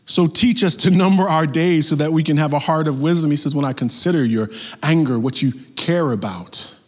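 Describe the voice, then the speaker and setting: A man preaching a sermon as pastor, talking in a lively, conversational way with acted-out asides. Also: on the high side, fairly quick, long reverb tail.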